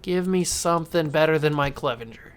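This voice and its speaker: A man's voice: fairly high pitch, brisk, clear, resonant tone. A man casually commenting while playing a baseball video game, talking to himself and coaxing the game. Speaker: gaming YouTuber. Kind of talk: casual let's-play commentary.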